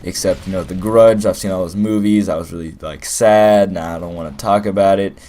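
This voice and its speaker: A man's voice: sits low, steady tone, fairly quick, dark tone. A young man telling a rambling, playful story as casual gameplay commentary, full of fillers. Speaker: gaming commentator.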